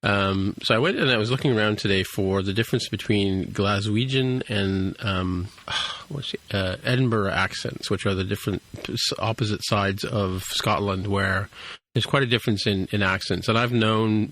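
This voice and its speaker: A man's voice: lowish voice, moderate pace, a bit bright, rough recording. A man co-hosting a podcast in casual chat, rambling with many restarts and fillers. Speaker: podcast co-host.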